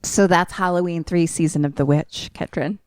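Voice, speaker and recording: A young woman co-hosting a podcast, retelling a film in a casual, animated way and laughing often. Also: lowish voice, moderate pace, dry recording, clean studio sound. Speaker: podcast co-host.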